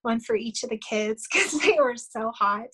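A woman's voice: a little high, expressive, normal speed, noisy background. A middle-aged woman, a guest on a podcast, earnestly telling a personal story with many fillers and small laughs. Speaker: guest, shamanic healer.

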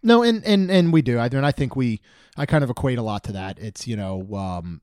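A man chatting casually as a podcast co-host, relaxed and wry, with dry jokes. His pitch is middle of the road. The recording is close and dry, with no room echo. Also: brisk, smooth. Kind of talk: casual chat.

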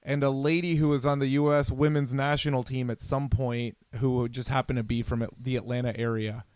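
Smooth-voiced enthusiastic man. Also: mid-range voice, level tone, a little fast, darkish tone, no echo. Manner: enthusiastic, laughs while talking. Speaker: podcast co-host. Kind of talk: casual podcast chat.

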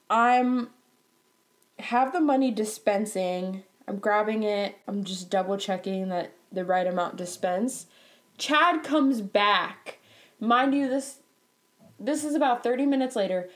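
A woman's voice: a little high, moderate pace. A woman telling a work story in a casual, exasperated rant, laughing now and then. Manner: animated, exasperated, laughs while talking. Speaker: bank teller.

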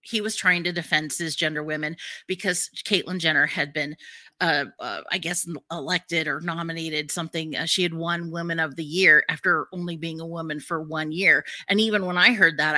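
A woman's voice: low voice, normal speed, no room sound. A middle-aged woman co-hosting a casual talk show, telling a story animatedly and acting out what people said. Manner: acts out quotes, bursts into shouting.

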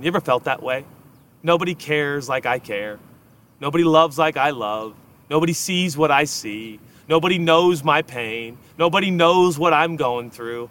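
A young adult man, a pastor delivering a sermon in a conversational, emphatic way, swinging between hushed asides and loud stresses. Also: fairly high pitch, normal speed.

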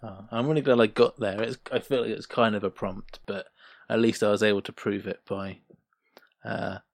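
A man's voice: on the low side, steady tone, normal speed, vocal fry, dry recording. A man co-hosting a podcast, chatting casually and animatedly as he recaps a sitcom episode. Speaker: podcast co-host.

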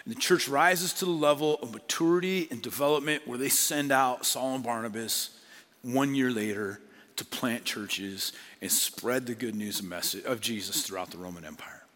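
Guy preaching a sermon, casual chatty pastor, bright voice, big echoey church hall. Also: medium pitch, moderate pace. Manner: conversational, acts out biblical figures in casual modern speech.

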